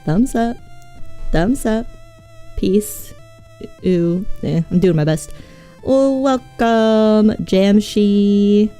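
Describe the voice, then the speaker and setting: Woman, VTuber streamer, scratchy voice, warm mellow tone, casual rambling chat, profane, self-mocking. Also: mid-range voice, extremely slow, pauses often, soft background music.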